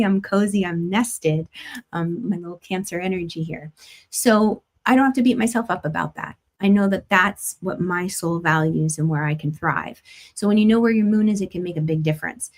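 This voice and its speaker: A woman hosting an astrology forecast, talking in a chatty, gentle way with lots of "like" fillers and the odd light laugh. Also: fairly low pitch, normal speed. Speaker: astrologer host. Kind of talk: casual spiritual forecast talk.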